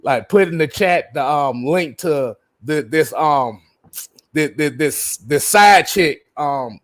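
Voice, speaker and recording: Laid-back male livestream host, slightly high voice. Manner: laid-back, laughs often, repeats words. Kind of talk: casual livestream chat reading viewer comments.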